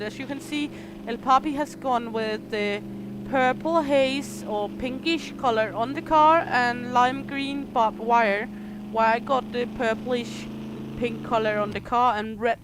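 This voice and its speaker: A young adult woman whose first language is Danish, explaining game features and listing items on a gameplay livestream. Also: a little high. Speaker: streamer. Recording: noisy game audio behind.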